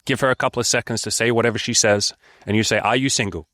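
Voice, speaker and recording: A man's voice: mid-range voice, little pitch movement, very fast, a bit bright, no room sound. A young man giving frank dating advice in a casual vlog. He is blunt, swears freely and acts out bits of dialogue. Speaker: dating coach.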